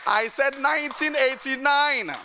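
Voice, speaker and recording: Middle-aged male pastor, sermon, animated and coaxing, gravelly high voice. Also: measured pace, crowd noise, noisy background. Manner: animated storytelling, urging the congregation to respond.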